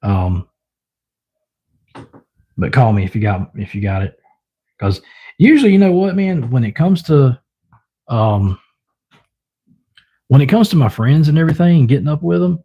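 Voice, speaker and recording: Husky-voiced man, lively and rambling. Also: medium pitch, normal speed, long pauses, lo-fi sound. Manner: rambling, chuckles often, mimics his pets. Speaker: livestreamer. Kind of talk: casual storytelling on a livestream.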